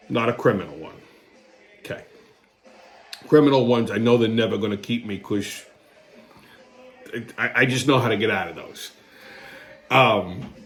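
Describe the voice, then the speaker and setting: Foul-mouthed, sarcastic male host ranting. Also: medium pitch. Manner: profane, sarcastic and swinging between muttering and excited outbursts. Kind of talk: comedic storytelling monologue.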